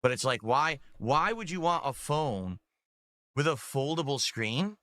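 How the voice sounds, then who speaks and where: Male streamer, bright forceful tone, blunt and profane, dry close sound. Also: mid-range voice, lively intonation, unhurried, no room sound. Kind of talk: casual stream chat.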